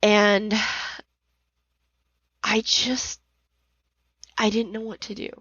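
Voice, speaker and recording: A middle-aged woman hosting a podcast shares a deeply emotional story, climbing to near-shouting when she relives her anger. She talks extremely slowly in a mid-range voice with little pitch movement and a breathy edge. The recording is muffled, without echo.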